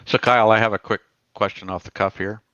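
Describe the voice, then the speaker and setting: Man, low voice, bright tone, curious host, lo-fi call sound. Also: steady tone, fast, no echo. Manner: casual, curious questioner. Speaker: show host. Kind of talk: casual interview chat.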